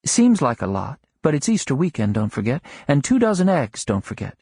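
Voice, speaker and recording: A man reading an audiobook, voicing a fond small-town wife who coaxes and gently scolds her husband. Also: medium pitch, very animated, a little fast, husky, dry recording, studio quality, pitched above the performer's own voice. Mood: fond scolding. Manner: light, coaxing and chiding.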